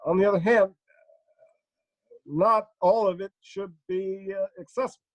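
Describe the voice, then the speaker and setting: A man impersonating a measured male politician who stammers, pauses on "uh" and weighs both sides of every answer. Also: sits high, fairly even intonation, no room sound, voice pushed up, natural voice, rough recording. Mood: deliberate. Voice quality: halting, stammering doubled words and 'uh' pauses.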